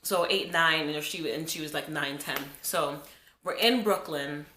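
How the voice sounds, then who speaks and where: Chatty bright young woman in an echoey room. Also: deep voice, a little slow, slight background noise. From New Jersey, USA. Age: 20s. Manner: animated, chatty, talks straight to viewers. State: has a cold. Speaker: vlogger. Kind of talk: casual storytime vlog.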